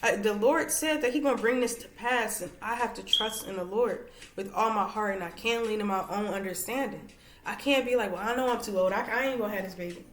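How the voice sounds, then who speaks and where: A woman's voice: mid-range voice, brisk, echoey room, slight background noise, close to an everyday voice. A woman voicing the aged biblical Sarah in casual modern slang. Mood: resolute.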